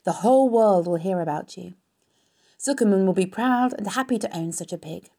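A woman reading a storybook aloud, voicing a wise and gentle female spider who speaks in a calm, measured way. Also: mid-range voice, close to an everyday voice. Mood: reassuring.

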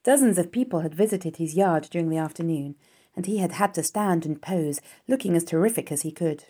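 Calm woman reading a children's story. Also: lowish voice, fairly quick. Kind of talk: audiobook reading of a children's novel.

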